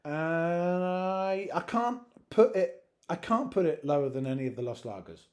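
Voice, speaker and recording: A man's voice: a little high, expressive, moderate pace. A man co-hosting a casual chat, rambling and correcting himself as he jokes along. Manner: rambling, self-correcting, jokey. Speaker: co-host.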